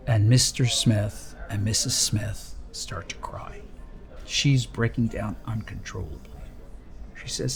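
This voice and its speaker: Middle-aged lawyer guy, tells a story then explains things slow and careful, faint music behind. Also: lowish voice. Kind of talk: legal explainer with a told joke.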